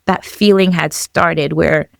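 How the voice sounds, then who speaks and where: A young Zambian woman, appearing as a podcast guest, tells a personal story in a reflective, halting way full of fillers. Her voice is low, steady and gravelly, recorded cleanly in a studio with no echo.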